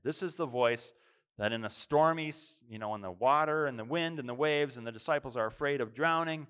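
A man's voice: fairly low pitch, a bit bright. A man preaching a sermon, reflective, asking rhetorical questions and stressing single words. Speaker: pastor.

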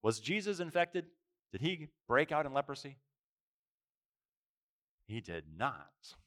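A man's voice: medium pitch, big pitch swings, slow pace, fairly bright tone. A man preaching a sermon, reflective, asking rhetorical questions and stressing single words. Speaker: pastor.

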